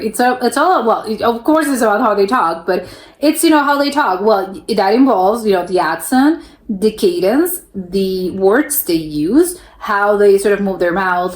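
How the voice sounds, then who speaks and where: A young American woman hosting a casual reaction video, chatty, restarting her sentences often and laughing as she talks. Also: medium pitch. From United States. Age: young adult. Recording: roomy echo.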